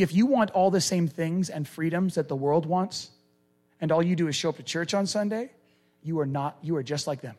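High-voiced animated male preacher. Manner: conversational, animated, acts out quotes. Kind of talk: sermon.

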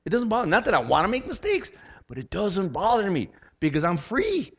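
A man's voice: high voice, wildly swooping pitch, brisk, a bit bright, slightly rough. A man in his sixties, a pastor preaching a conversational, humorous sermon full of rhetorical questions. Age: 60s. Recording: lo-fi dull sound.

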